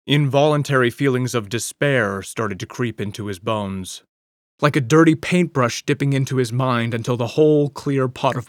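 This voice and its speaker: A man's voice: mid-range voice, no room sound, studio quality. Male narrator reading a story. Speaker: audiobook narrator. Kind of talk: scripted narration.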